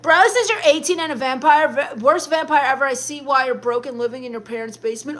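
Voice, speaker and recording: A woman's voice: high voice, fast, few pauses, fairly bright tone. A young woman live streaming, reading viewer comments aloud and firing back sassy, snappy comebacks. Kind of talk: in-character comedy livestream reading chat.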